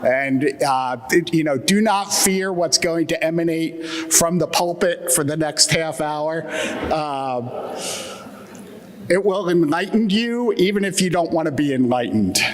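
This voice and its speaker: A man with a fairly high, animated voice and a measured pace addresses a conference crowd, which can be heard in the background. He hails from the Mid-Atlantic US, speaks with that accent, and keeps his keynote wry and joking with many fillers, all in a reverberant hall.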